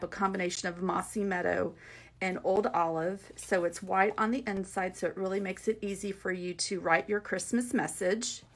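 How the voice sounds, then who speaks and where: A woman talks viewers through a craft kit in a relaxed tutorial. She is chatty and upbeat, trailing into asides and little fillers as she points things out. She sounds like she is talking to a camera set over her work table. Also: medium pitch. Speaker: craft demonstrator. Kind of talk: casual tutorial walkthrough.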